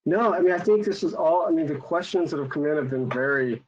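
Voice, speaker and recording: Earnest male guest, slightly high voice, halting delivery, dull lo-fi call sound. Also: lively intonation. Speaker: guest speaker. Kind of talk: casual webinar talk.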